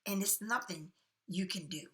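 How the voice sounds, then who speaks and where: A woman giving a casual tarot reading, talking softly and often half-whispering in a chatty, reassuring way, a little tired. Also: medium pitch, moderate pace. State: yawning, tired. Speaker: tarot card reader.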